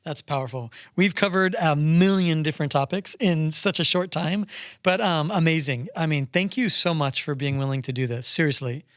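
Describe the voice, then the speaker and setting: Eager, higher-voiced male podcast host. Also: normal speed, a bit bright, no room sound, studio quality. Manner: enthusiastic, effusive, with frequent restarts. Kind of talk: casual conversational interview.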